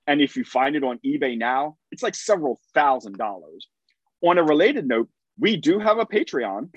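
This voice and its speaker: A man's voice: mid-range voice, husky, dry recording, highs cut off. A man co-hosting a podcast, reading listener letters with amused asides. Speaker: podcast co-host.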